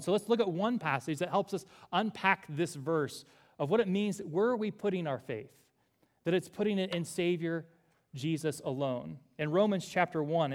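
A man preaching a sermon, earnestly explaining a scripture passage line by line. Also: a little high. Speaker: pastor.

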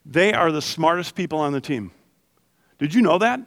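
A man preaching a sermon as pastor, questioning his congregation and explaining scripture with lively energy. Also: fairly high pitch, moderate pace, dry recording. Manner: animated, asks the congregation questions.

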